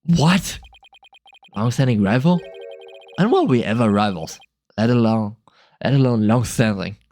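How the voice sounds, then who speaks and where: A man's voice: mid-range voice, animated, a little slow, a little mellow, no room sound, studio quality, soft background music, close to an everyday voice. A man streaming a game, reading an earnest male defense attorney in his own plain voice. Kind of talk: casual game dialogue reading.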